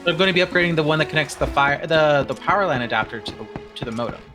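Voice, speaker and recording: A man's voice: on the high side, animated, very fast. A man co-hosting a gaming stream, chatting casually and explaining at length. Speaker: streamer co-host. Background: game music.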